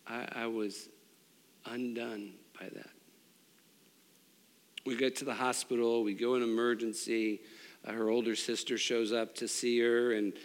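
A middle-aged man preaching a sermon, telling a personal story with restarts and swings between loud and hushed. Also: mid-range voice, flat delivery, a little slow, pauses often. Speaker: pastor. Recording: long hall reverb.

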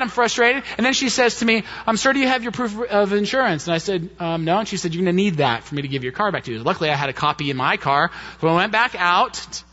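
A man preaching, telling a personal story in an animated way and acting out the quotes. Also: high-pitched. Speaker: pastor. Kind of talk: sermon storytelling. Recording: dull muffled lo-fi sound.

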